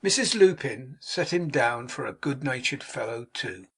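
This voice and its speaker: Brief: male audiobook narrator, husky, mid-pitched, measured storytelling. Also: animated. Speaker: audiobook reader.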